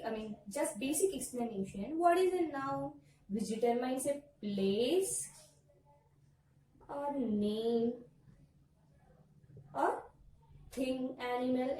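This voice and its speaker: A woman gives a pronunciation lesson in a high voice, patiently repeating each example word. She sits a little away from the mic in an echoey room. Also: a little mellow, far from the mic, a little hiss or hum. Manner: explains step by step, repeats words slowly, asks "right?". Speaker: English pronunciation teacher. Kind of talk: classroom-style lesson to camera.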